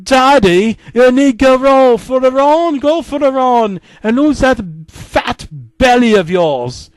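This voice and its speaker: A man puts on a bossy cartoon piglet girl with a high, shrill nag. The voice lurches up and down. It sits close and dry. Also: big pitch swings, normal speed, a little mellow, no echo. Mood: nagging. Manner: shrill, nagging.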